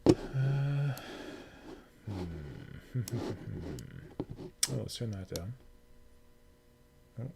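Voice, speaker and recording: A man's voice: lowish voice, lively intonation, very slow, gravelly, long pauses. A Canadian man hosting a casual livestream, chatting with viewers and muttering to himself while he fiddles with his settings. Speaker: livestream host. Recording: noisy home livestream recording.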